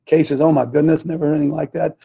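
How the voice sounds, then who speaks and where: A man's voice: fairly high pitch, flat delivery, rapid-fire, creaky, dark tone, breathy edge. A man hosting a live talk show, rambling and losing his train of thought as he speaks.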